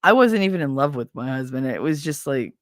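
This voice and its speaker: A woman's voice: very deep voice, animated, fairly quick, no echo, clean studio sound. A middle-aged woman hosting a podcast, chatting casually with her live audience and ranting in a blunt, heated, profane way. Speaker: podcast host. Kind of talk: casual livestream chat.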